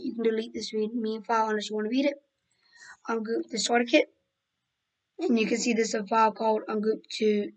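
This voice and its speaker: Young woman, hoarse and strained, flat-toned, rambling tutorial talk at a desk mic. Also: a little high, rough recording. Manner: rambling, many fillers and self-corrections. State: hoarse, losing her voice. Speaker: game development tutorial maker. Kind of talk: screen-recorded tutorial.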